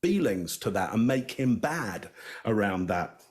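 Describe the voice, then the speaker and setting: Guy breaking down body language on a panel, slow and deliberate, lots of uh and around that. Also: fairly low pitch, sing-song, breathy edge. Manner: deliberate, hedging with fillers. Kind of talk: casual panel analysis.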